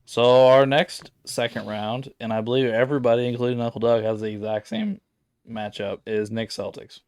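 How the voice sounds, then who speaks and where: A man in a relaxed sports chat talks in a middle register, wandering through his points with fillers and restarts. The sound is dry and close, with no room around the voice. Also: mid-range voice, normal speed, smooth, dry recording. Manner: rambling, many fillers and restarts. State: sleepy, yawning. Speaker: podcast co-host.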